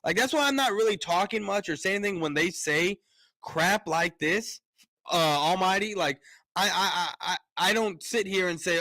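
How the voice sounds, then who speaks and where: A man's voice: sits high, normal speed, pushed and bright, no echo. A man ranting on a casual sports live stream, fired up, repeating words and restarting his sentences often.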